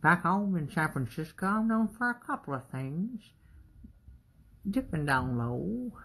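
A man's voice: sits high, very animated, a little slow, gravelly, sharp tone, slightly rough, heavily acted. A man voicing a brash old-time male Chicago gangster with a put-on Chicago accent and wisecracking tough-guy patter.

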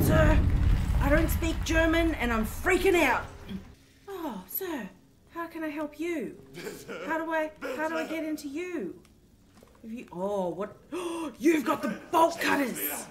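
A woman's voice: sits high, lively intonation, unhurried. A woman streaming a horror game, jumpy and swearing, chatting to the game's characters. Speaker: gaming streamer. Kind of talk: live horror game commentary.

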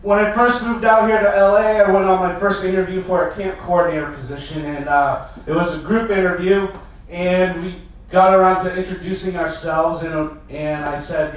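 Young comedian in an echoey room. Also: male voice, high-pitched, steady tone, moderate pace, recorded from a distance, slight background noise. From Massachusetts. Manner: conversational storytelling with filler "uh"s, building to loud acted-out rants. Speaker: stand-up comedian. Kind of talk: stand-up comedy set. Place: small stage venue. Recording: echoey room, mic heard from afar.

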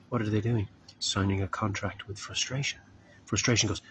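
A man giving an informal, earnest sermon as a street preacher, unhurried and drawing out his words, sometimes acting out the voices of people he quotes. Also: fairly low pitch, steady tone, a bit bright, a little hiss or hum.

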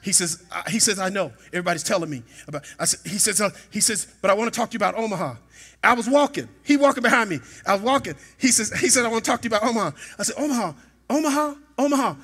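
High, bright-voiced man preaching. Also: rapid-fire, breathy edge. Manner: storytelling, rising to shouts at peaks. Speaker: pastor. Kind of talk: sermon. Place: church sanctuary.

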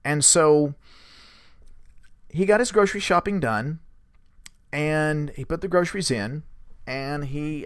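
A man's voice: on the high side, dry recording, studio quality. A man on a podcast recounting a witness's story in a conversational storytelling manner, with fillers and quoted dialogue. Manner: retells events with quoted dialogue, fillers like "uh" and "you know". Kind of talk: storytelling narration.

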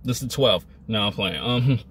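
A man's voice: on the low side, moderate pace, fairly bright tone, a little hiss or hum. A young man vlogging a motivational rant, emphatic, repetitive and scolding.

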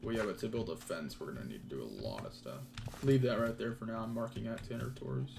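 A man hosting a gameplay session chats casually with his co-player, his voice swinging up and down with animated energy. He laughs easily and talks things through as he plays. Loud keyboard typing and mouse clicks sit clearly behind him. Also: fairly low pitch, fast, noisy background. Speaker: let's play host.

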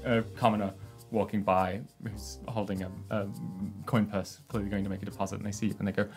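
A man narrating a tabletop heist game as game master, halting often with fillers and restarts. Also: lowish voice, flat delivery, faint music behind.

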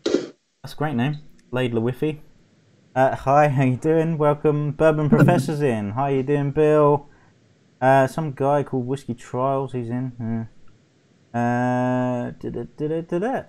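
A man's voice: medium pitch, fairly even intonation, a little mellow, smooth. Chatty man hosting a live stream. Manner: chatty, fills pauses with humming syllables. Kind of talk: casual live stream chat.

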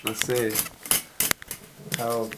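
A man's voice: mid-range voice, monotone, drawn-out words. A man playing a bemused customer in an amateur comedy sketch. He talks in a hesitant way and stammers over his words. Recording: roomy, distant camera mic, faint noise.

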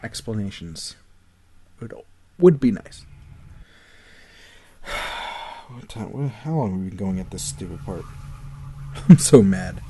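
A man's voice: fairly low pitch, lively intonation, slow pace, pauses often, noisy background. A young man commentating a video game, ranting and swearing in exasperation as he plays. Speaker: let's play commentator. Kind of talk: frustrated gameplay commentary.

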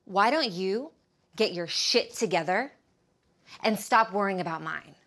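An actress playing a defensive, sharp-tongued young woman in a scripted series, snappy and exasperated. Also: medium pitch, lively intonation, normal speed. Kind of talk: scripted web-series acting.

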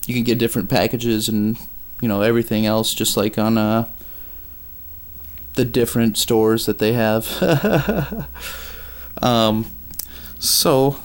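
A man with a Minnesota accent giving a casual game review with commentary, halting often with ums and uhs. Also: fairly low pitch, little pitch movement, smooth.

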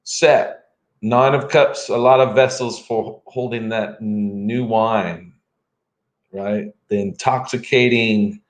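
Middle-aged male tarot reader, live reading; relaxed and slow, playful, recorded with noticeable room echo. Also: lowish voice. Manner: playful, jokes and laughs between readings. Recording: roomy echo.

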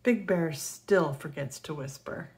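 A woman reading a children's picture book aloud in a gentle, expressive way. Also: low voice, measured pace. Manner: gentle, expressive read-aloud with gasps and soft laughs. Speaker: storybook reader.

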